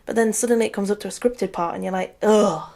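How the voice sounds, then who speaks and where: A woman's voice: medium pitch, fairly even intonation, very fast, creaky, dark tone. A woman giving a casual, rambling rant review, sarcastic and often breaking into laughter. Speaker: video reviewer.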